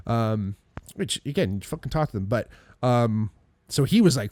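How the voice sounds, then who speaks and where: Animated, swearing male storyteller, dry sound. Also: fairly low pitch, fairly quick, dry recording. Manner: animated storyteller, acts out quotes, swears a lot, laughs often. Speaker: podcast guest. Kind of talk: casual storytelling.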